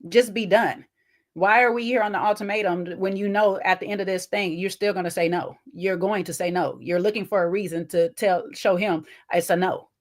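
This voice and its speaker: A woman co-hosting a casual recap show, talking in an animated, sassy way and acting out what people said. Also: mid-range voice, fairly quick. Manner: animated, sassy, acts out quotes. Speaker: podcast co-host. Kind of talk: casual reality-TV recap chat.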